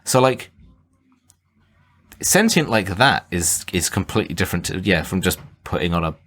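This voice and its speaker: A man's voice: sits low, animated, normal speed, a bit bright. A man co-hosting a podcast, chatting casually about a film with many fillers and restarts. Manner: rambling, many fillers and restarts, laughs often. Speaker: podcast co-host. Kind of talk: casual film review chat.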